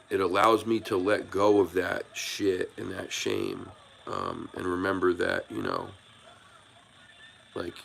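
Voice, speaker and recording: Hosting a casual YouTube live chat, a man with a low, gravelly yet fairly bright voice talks loosely with his audience over slight background noise. He rambles and restarts sentences, earnest and a bit emotional, moved as he thanks people in the chat by name, staying friendly and unpolished throughout.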